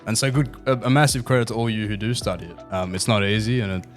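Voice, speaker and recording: A man's voice: lowish voice, quick pace, faint music behind. Laid-back Australian man telling stories. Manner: laid-back, laughing, slangy anecdotes. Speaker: podcast guest. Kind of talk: casual storytelling chat.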